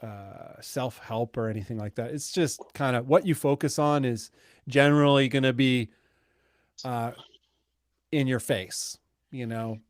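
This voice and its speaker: An easygoing man in his thirties co-hosting a podcast, talking in a loose, rambling way and often breaking into laughter. His voice sits at a middle pitch. The sound is dry and close, with no room around it. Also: unhurried, dry recording. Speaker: podcast co-host. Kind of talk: casual chat.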